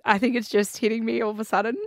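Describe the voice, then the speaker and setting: An Australian woman co-hosting a breakfast radio show, chatty and quick to giggle. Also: on the high side, little pitch movement, no echo, clean studio sound. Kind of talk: casual radio banter. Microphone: studio microphone.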